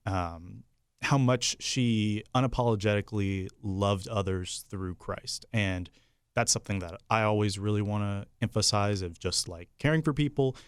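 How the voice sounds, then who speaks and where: A young man talking casually on a podcast, laughing easily and filling pauses with "um." His voice is low and smooth. The sound is dry and close. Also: no echo. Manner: easygoing, laughs often, many fillers. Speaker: podcast producer. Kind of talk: casual chat.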